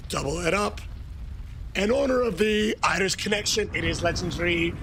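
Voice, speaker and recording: A man streaming a game, reading out super chats and shouting hype toasts with countdowns to his chat. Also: sits high, creaky, a little hiss or hum.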